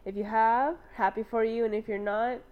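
A woman's voice: on the high side, fairly even intonation, normal speed, clean tone, lo-fi sound. A woman co-hosting a podcast in casual chat, rambling and giggling, with lots of "like" fillers. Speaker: podcast co-host.

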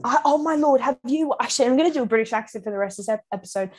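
A woman's voice: on the high side, racing, a little mellow. Chatty young woman podcast co-host. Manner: chatty, rambling, self-mocking. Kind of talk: casual chat.

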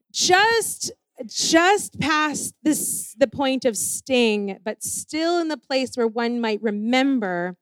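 A woman telling a personal story in an animated, self-deprecating way, acting out the people she quotes. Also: a little high, clear, resonant tone, no room sound, clean studio sound. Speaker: speaker sharing a personal testimony.

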